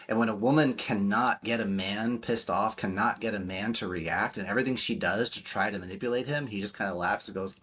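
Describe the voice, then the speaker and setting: Blunt, forceful-voiced male coach. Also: lowish voice, slightly rough. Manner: emphatic, blunt, swears freely, acts out quotes. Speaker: relationship coach and guest. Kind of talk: podcast interview talk.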